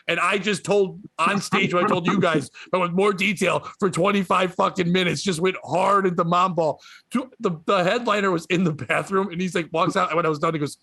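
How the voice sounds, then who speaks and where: A comedian telling a story on a podcast, swearing a lot and ranting with animated energy. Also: male voice, high-pitched, brisk, no room sound. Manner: profane, animated rant.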